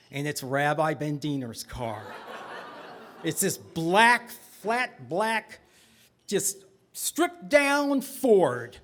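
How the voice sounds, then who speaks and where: Lively, high-voiced male storyteller. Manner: animated, comic, exaggerated. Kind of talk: live stage storytelling.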